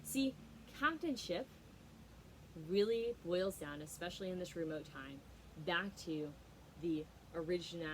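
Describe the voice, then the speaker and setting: A woman's voice: on the low side, normal speed, a little hiss or hum, poor audio. A young adult woman, a leadership trainer, giving an emphatic motivational talk with stories and frequent fillers.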